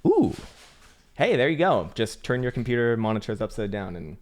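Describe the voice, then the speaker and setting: A man's voice: medium pitch, big pitch swings, moderate pace, a little mellow. A man hosting his channel, giving laid-back, joking and profane commentary on crypto charts. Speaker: crypto market analyst, channel host.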